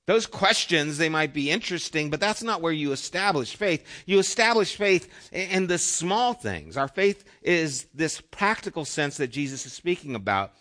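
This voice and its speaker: A middle-aged man delivers a sermon as pastor, his voice bright and a touch higher than most men's. He talks earnestly and conversationally, posing questions to his listeners and letting many phrases fall soft and low. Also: very animated, moderate pace, hardly any pauses.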